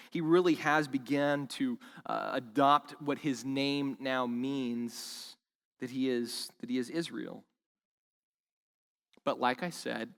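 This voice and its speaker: Animated preacher man in a reverberant hall. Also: medium pitch, creaky. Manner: animated, acts out quoted lines. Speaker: pastor. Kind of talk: sermon. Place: church service in a school hall.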